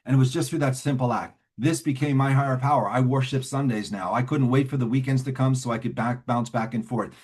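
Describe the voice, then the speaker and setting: A man's voice: medium pitch, fairly quick, few pauses, darkish tone, slightly rough. Man telling his recovery story. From New Jersey. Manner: conversational storytelling, frequent "right?" and "man". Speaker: recovery meeting speaker. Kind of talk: personal recovery talk to a meeting.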